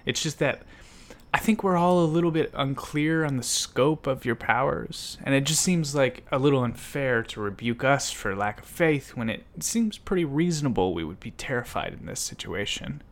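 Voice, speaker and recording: A man's voice: medium pitch, lively intonation, normal speed, pitched above the performer's own voice, lightly acted. A man doing a diplomatic, hedging disciple. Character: diplomatic male disciple, the older brother.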